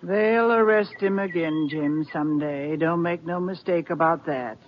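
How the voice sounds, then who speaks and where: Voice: medium pitch, measured pace, slight background noise, natural voice. A performer playing a cantankerous old frontier grandmother in a 1950s radio drama, speaking in grim warnings. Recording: dull old radio broadcast.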